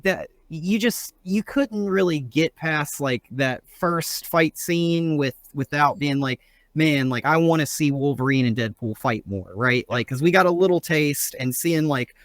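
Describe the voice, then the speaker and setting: A man's voice: a little high, measured pace, a bit bright, dry recording. Man, podcast co-host, chatty, laughs easily, dry close mic. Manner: chatty, laughs often, many fillers like "you know". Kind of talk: casual movie review chat.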